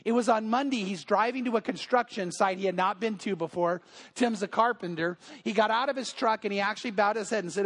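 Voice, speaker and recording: A man with a high voice preaches a sermon in a casual way and tells a story. He acts out the people in it and often repeats his words. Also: brisk, a bit bright. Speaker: pastor. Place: church service.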